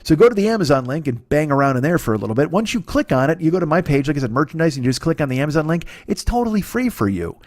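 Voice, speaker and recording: Comedian guy rambling through his podcast plugs, swears a lot, talks fast, dry close mic. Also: on the high side, very animated, a little mellow, no room sound. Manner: profane, rambling, playful. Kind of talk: casual monologue and ad read.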